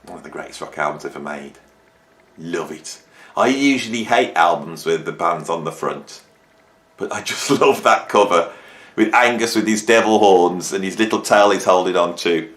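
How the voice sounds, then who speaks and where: A man's voice: low voice, normal speed, a bit bright. A middle-aged man chatting enthusiastically and jokily about his vinyl records at home. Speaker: music YouTuber. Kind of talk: casual vlog chat. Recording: roomy echo.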